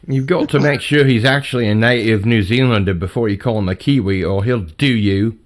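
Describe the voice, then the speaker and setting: A man hosting a casual livestream chat, teasing in a dry, wry, drawn-out way. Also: fairly low pitch. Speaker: livestream host.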